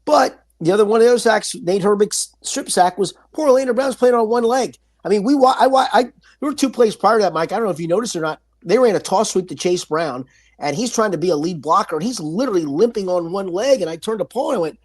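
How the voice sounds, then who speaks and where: High-voiced emphatic podcast host. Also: male voice, quick pace. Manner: animated, emphatic, stumbles and restarts. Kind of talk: casual sports talk.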